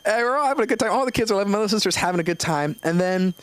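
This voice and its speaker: A comedian finishing a stand-up set with an animated story. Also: mid-range voice, racing.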